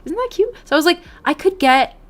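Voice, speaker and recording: A woman's voice: very high voice, big pitch swings, a little fast. A young woman streamer chatting casually with her viewers, giggling often and reading chat aloud.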